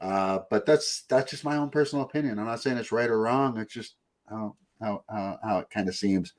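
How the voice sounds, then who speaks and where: A fairly low-pitched man talks fairly quickly while hosting a podcast. He chats casually and profanely, rambling and putting on voices to mock.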